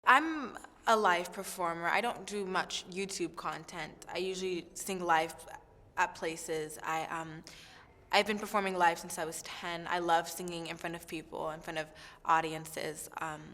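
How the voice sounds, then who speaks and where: A young woman, a singing contestant, talking in a chatty, excitable way with lots of fillers in a backstage interview. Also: fairly low pitch, measured pace, big-room sound.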